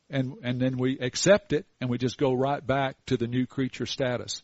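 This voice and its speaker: An older man preaching a sermon in a folksy, storytelling way with animated asides. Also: mid-range voice, moderate pace, few pauses, no room sound, lo-fi sound.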